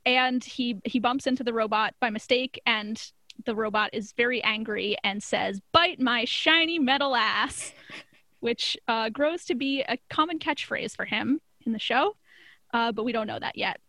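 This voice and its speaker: A woman's voice: on the high side, moderate pace, bright, forceful tone, dry recording. A woman casually recapping a cartoon episode, chatty and often laughing mid-sentence. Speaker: podcast co-host.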